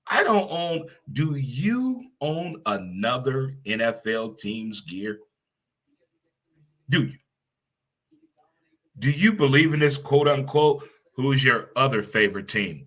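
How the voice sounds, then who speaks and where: A middle-aged man hosting a casual talk show, animated and quick to laugh, swearing casually. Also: mid-range voice, husky. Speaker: show host.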